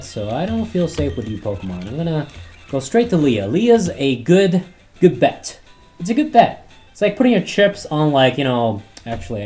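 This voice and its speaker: A man commentating his gameplay run, rambling and swearing often, his throat worn from yelling at the screen. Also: mid-range voice. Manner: rambling, heavy swearing, talks back at the game. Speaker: let's play host.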